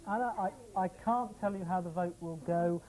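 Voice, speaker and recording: A man defends his position as a councillor in a studio debate, measured but halting at times. He talks quickly, and his tone is dark and mellow. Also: sits high, poor audio.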